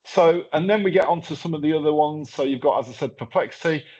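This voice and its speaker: A man's voice: a little high, fast, dark tone, slightly rough. A man presenting a hands-on workshop, talking casually through a live tech demo with lots of fillers and restarts. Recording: slightly dull lo-fi sound.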